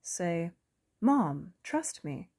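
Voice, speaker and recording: Woman reader as a cold female hunter: soft husky alto, quick, light, friendly menace, audiobook. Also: lowish voice, big pitch swings, exaggerated voice. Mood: calmly menacing. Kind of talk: audiobook character reading.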